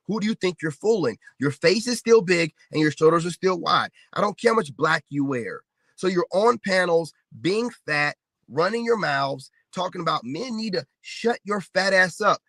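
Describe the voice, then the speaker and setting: A high-pitched, fairly bright male voice, recorded dry, belongs to an online commentator. He rants directly at his audience, mocking and combative, driving the same points home repeatedly.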